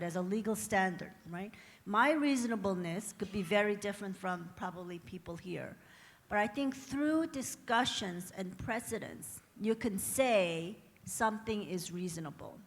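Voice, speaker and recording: Female panelist and lawyer, articulate and explanatory, in a reverberant conference hall. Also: mid-range voice. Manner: articulate, uses frequent tag "right?". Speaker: panelist, lawyer at a tech company. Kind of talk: panel discussion remarks.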